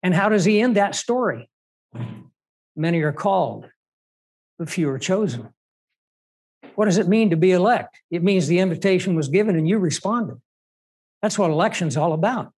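Male preacher, high-pitched, emphatic, full of rhetorical questions. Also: fairly quick, a little mellow, slightly rough. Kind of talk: sermon.

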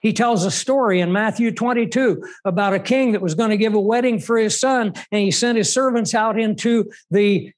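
Male preacher, high-pitched, emphatic, full of rhetorical questions. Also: normal speed, few pauses. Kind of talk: sermon.

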